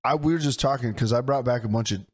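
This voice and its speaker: Hoarse young man, excitable podcast chat. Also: medium pitch, quick pace. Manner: excitable, swears a lot, laughs often. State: hoarse, voice mostly gone. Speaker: podcast co-host. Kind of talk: casual chat.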